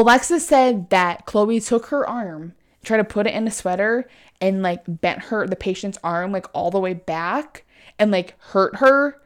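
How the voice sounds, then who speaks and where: A young woman casually telling a story on a chat show, swearing often, saying "like" a lot and acting out what others said. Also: medium pitch. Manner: profane, fillers of "like", lively quoting.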